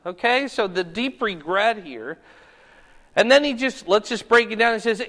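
High-voiced man teaching in a reverberant hall. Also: animated, measured pace, pushed and bright. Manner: conversational, rising to earnest emphatic preaching. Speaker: Bible teacher. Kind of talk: sermon-style Bible study teaching.

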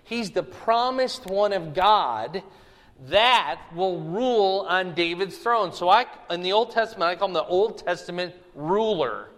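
A man's voice: high-pitched, expressive, unhurried, a bit bright, long reverb tail. A man teaching a Bible study in a conversational way, often checking in with his listeners with "right?" and "okay?".

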